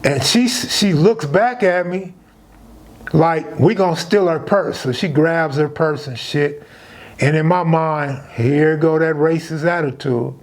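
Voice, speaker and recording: A man's voice: fairly high pitch, slow pace, darkish tone. A man telling a true street story in a casual, slang-filled conversational way.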